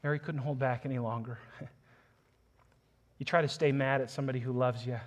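A man preaching a sermon, reading scripture aloud and building from quiet earnestness to passionate emphasis. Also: mid-range voice, fairly even intonation, a little fast, lo-fi sound. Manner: reads scripture aloud, chuckles softly. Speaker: pastor.

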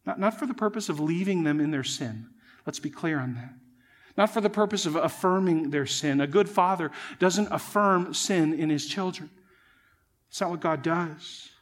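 High-voiced earnest male preacher. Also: moderate pace. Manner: earnest, emphatic preaching, addresses listeners as friends. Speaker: pastor. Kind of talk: sermon.

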